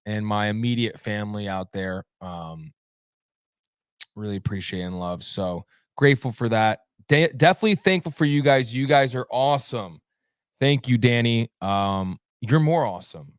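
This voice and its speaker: A man's voice: lowish voice, clean tone, no room sound. Guy hosting a live sports show solo, rambling and chatty, dry close sound. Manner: rambling, chatty, reads viewer comments aloud. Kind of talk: casual livestream chat.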